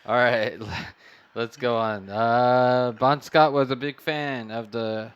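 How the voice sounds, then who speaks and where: A man's voice: medium pitch, steady tone, slow, clean tone, lo-fi sound. A man co-hosting a casual podcast, reading trivia aloud in a laid-back way and swearing freely. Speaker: podcast co-host, son.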